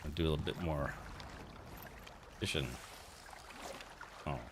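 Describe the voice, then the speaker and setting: A man's voice: extremely low pitch, little pitch movement, measured pace, background noise. A man hosting a let's play stream, chatty and easily distracted while he plays. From United States. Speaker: streamer host.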